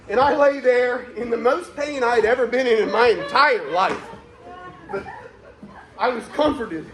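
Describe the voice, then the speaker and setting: A man telling a mock-sincere comic story in a live venue, slipping in fake ad reads. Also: very high-pitched. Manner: deadpan mock-sincere storytelling, breaking into laughs. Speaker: comedic performer. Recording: echoey room with music and crowd. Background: music and crowd noise.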